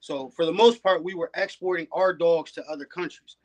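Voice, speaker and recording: A man, a guest on a podcast and a dog breeder, telling stories in a relaxed, casual way. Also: fairly high pitch, a little fast. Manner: laid-back, peppers talk with "man". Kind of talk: casual storytelling chat.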